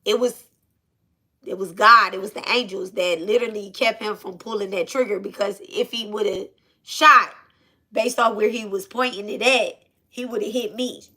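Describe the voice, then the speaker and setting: Animated Black woman telling a story. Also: medium pitch, normal speed. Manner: animated, repeats phrases, swears freely. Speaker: channel host. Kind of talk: casual storytime.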